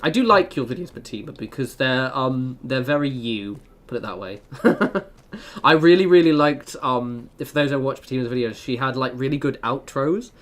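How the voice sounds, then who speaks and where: A man's voice: medium pitch, moderate pace. Chatty man streaming a game. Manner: chatty, rambling, lots of fillers. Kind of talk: casual chat while gaming.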